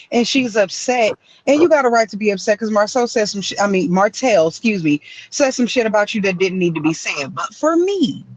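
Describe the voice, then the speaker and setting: A woman's voice: medium pitch, dry recording, muffled recording. A woman joining a live stream from her car in a drive-through line, giving blunt, profane opinions. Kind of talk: casual opinionated chat.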